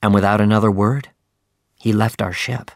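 A man narrating a simplified sea novel in a slow, clear, even storytelling manner. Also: on the low side, no room sound, studio quality. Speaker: audiobook narrator.

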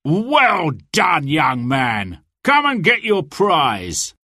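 A man voicing a bossy, scheming male sheriff who calls out loudly in a raised, higher voice. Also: big pitch swings, takes it slowly, no room sound, studio quality, full character voice. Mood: exultant.

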